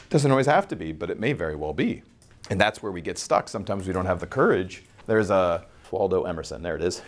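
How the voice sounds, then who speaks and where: A man talking as a life coach on a podcast, blunt and profane, acting out little scenes as he makes his points. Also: sits low. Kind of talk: motivational podcast talk.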